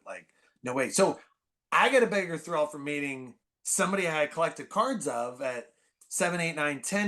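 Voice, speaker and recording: Animated man telling baseball stories. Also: a little high. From San Francisco Bay Area. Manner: animated, filler-heavy, constant "like". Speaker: podcast guest. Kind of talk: casual storytelling chat.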